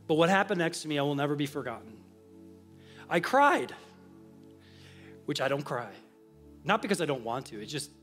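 A man preaching a sermon as a pastor and sharing a personal testimony, earnest and confessional, moving between hushed and emphatic delivery. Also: fairly high pitch.

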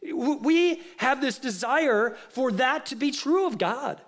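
A man preaching with a high, bright-edged voice that leaps and plunges across a wide range. He fires rhetorical questions at his listeners, then drops to hushed, low asides. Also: expressive, slow. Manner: rhetorical questions, rising to emphatic outrage then dropping low. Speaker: pastor. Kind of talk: sermon.

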